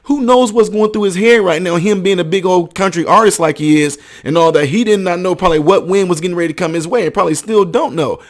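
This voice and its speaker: A man's voice: high voice, fast talker, hardly any pauses. A man hosting a commentary video, talking emphatically, acting out quotes and checking that listeners follow him. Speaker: ministry counselor.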